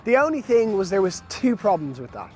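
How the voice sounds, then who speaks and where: A man's voice: sits high, sing-song, brisk, a little mellow, soft background music. A man vlogging outdoors by a boat, chatting to camera in an upbeat, self-amused way. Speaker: wakeboarding vlogger. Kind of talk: casual chat to camera.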